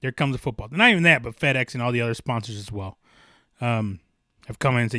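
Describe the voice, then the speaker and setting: Bright, passionate male sports podcaster. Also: medium pitch, animated, fast, dry recording, studio quality. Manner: passionate, emphatic, rambling with restarts. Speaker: podcast host. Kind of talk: solo sports podcast monologue.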